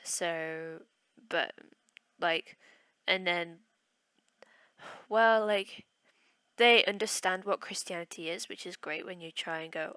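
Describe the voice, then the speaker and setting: Woman, from the UK, lowish voice, chatty, lots of fillers, dry close sound. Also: fairly even intonation, slow pace, sharp tone, clear, resonant tone, dry recording. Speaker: podcast guest. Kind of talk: casual chat.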